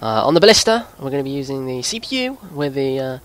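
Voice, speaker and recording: Excitable young gamer, lively voice. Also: male voice, medium pitch, quick pace. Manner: excitable, swears often, yells at opponents. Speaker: gaming video host. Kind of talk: live gameplay commentary.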